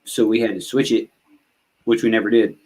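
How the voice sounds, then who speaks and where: A man's voice: lowish voice, little pitch movement, fairly quick, darkish tone. A man hosting a casual podcast chat, joking and swearing as he trades war stories. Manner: joking, profane banter. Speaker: podcast host and veteran.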